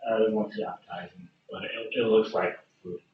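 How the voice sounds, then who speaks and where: Man as game master, relaxed narration, off-mic in an echoey room. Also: fairly low pitch, fairly quick, slight background noise. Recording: echoey, distant, dull room recording.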